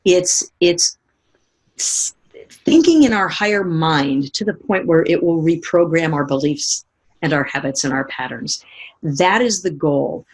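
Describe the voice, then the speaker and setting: Middle-aged woman, motivational speaker, husky low-pitched voice, animated storytelling. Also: measured pace. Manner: asks the audience direct questions. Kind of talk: motivational seminar talk.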